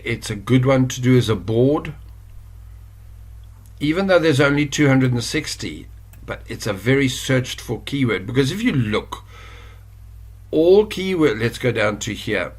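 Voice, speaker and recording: A man's voice: medium pitch, expressive, unhurried. A South African man giving a casual screen-share tutorial, chatty and rambling, correcting himself as he goes. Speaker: online course instructor.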